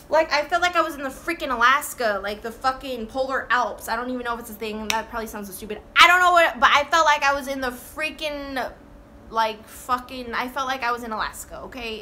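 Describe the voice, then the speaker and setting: A woman's voice: high voice, sharp tone, slight background noise. A young woman telling a storytime in a casual, rambling, profane way, full of "like". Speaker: vlogger.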